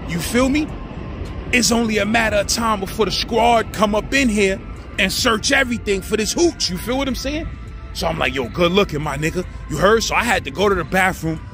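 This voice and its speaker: A man with a New York accent telling prison stories in a casual, animated, slangy way. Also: high voice, creaky. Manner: animated, slangy, acts out the people in his story. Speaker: storyteller host.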